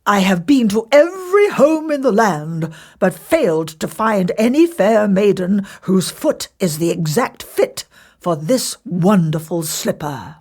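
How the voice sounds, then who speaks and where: A woman voicing a formal, self-important royal messenger who speaks dutifully and slowly. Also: mid-range voice, sing-song, darkish tone, husky, heavily acted. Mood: firm. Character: pompous royal messenger, grown man.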